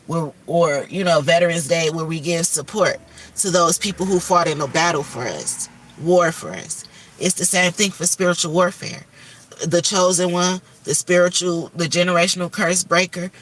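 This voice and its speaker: Bright-voiced woman's candid livestream talk. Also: lowish voice, distant mic. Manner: candid, emphatic, swears freely, spiritual talk. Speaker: livestream host.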